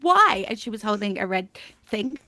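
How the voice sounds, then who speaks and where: A woman recaps a tabletop role-playing session for a live stream. Her voice sits slightly high and sounds dry and close. She rambles and giggles, linking everything with "and then". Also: expressive, normal speed, a bit bright, no room sound. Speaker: player recapping the last session. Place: home streaming setup.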